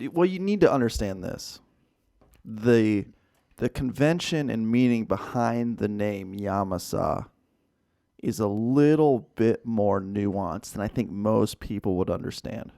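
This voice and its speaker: A man co-hosting a casual podcast, joking in an animated, mock-serious way. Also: fairly low pitch, unhurried, gravelly, no room sound, clean studio sound. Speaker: podcast co-host.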